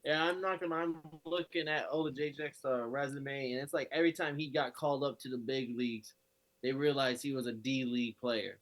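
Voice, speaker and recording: A man hosting a casual sports betting chat, relaxed and quick to laugh. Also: mid-range voice, low-quality recording. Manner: laid-back, laughs often. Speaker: podcast host.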